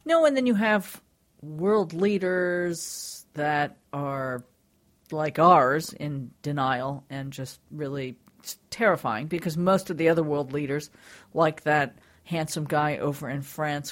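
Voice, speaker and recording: A woman's voice: deep voice, measured pace. A woman co-hosting a talk show, chatting in a sarcastic, laughing way. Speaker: show co-host. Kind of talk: casual chat.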